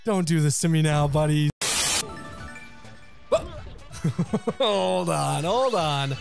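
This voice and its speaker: A man giving excitable let's play commentary, laughing often and breaking into yelps and shouts. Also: on the high side, drawn-out words, gravelly. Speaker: gameplay commentator. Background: video game music.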